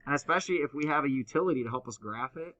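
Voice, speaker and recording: A male math teacher lecturing to a class, joking with the students as he works through problems. His voice sits a little high. The recording is muffled and dull. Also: very fast, bright, forceful tone. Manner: playful, teasing banter with students.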